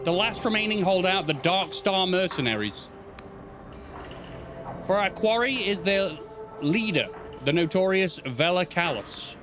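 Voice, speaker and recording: A man voicing a hoarse, raspy female inquisitor sealed in an iron coffin, making cold, solemn pronouncements over loud game music. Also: high voice, lively intonation, unhurried, pauses often. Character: stern female High Confessor sealed in a bleeding iron coffin. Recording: game music playing loudly behind.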